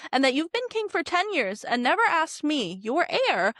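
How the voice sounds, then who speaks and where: A woman's voice: high-pitched, very animated, normal speed, a bit bright, no room sound, studio quality, voice pushed up. A woman voicing a self-pitying, scheming prince, in a wheedling, aggrieved way.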